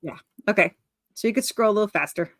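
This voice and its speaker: A woman's voice: medium pitch, fast talker, creaky, a bit bright, no room sound, clean studio sound. A woman, an indie comic creator, chatting as a guest on a video call, rambling with many fillers and restarts and laughing at herself. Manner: self-mocking, laughs at herself. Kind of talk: casual video-call chat.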